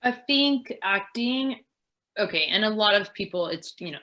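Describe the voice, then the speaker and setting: A woman's voice: mid-range voice, expressive, normal speed, bright, forceful tone. A woman, an actress, answering interview questions in a casual, rambling way, full of fillers as she thinks aloud. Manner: rambling, filler-heavy, reflective.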